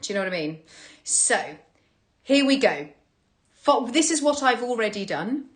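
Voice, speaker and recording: A woman's voice: a little high, animated, moderate pace. A woman hosting a livestream from home, chatting casually and greeting viewers. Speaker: livestream host. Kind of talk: casual chat.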